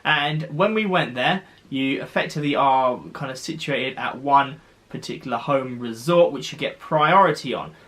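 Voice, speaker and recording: A man's voice: mid-range voice, normal speed, a bit bright. A man from the UK vlogging, explaining costs in a chatty, rambling way with restarts. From United Kingdom. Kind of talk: casual explainer to camera.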